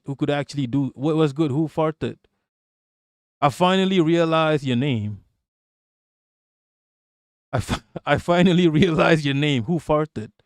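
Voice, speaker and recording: A man's voice: a little high, dry recording, studio quality. A man streaming live, talking straight to his chat in a blunt, rambling, profane manner and laughing often between remarks. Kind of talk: live-stream political commentary.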